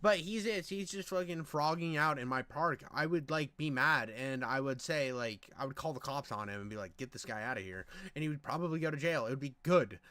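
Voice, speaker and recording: A man's voice: fairly high pitch, brisk, few pauses, bright, forceful tone, dry recording. A man doing casual reaction commentary, rambling, crude and exasperated. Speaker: reaction streamer.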